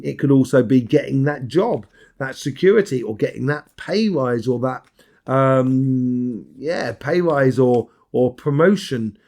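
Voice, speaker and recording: A man talks through a weekly tarot reading at a middling pitch. He wanders from thought to thought, stops and restarts with plenty of ums. His tone stays encouraging as he addresses the listener directly. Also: a little mellow. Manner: meandering, with many fillers and restarts; encouraging, speaks straight to the listener. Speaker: tarot reader.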